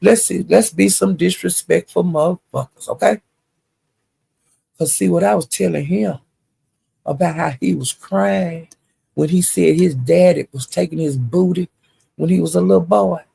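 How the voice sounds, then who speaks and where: Older lady ranting on a livestream, dark gravelly voice, cussing a lot, animated. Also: fairly low pitch, moderate pace. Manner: loud, profane, animated storytelling. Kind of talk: casual profane rant.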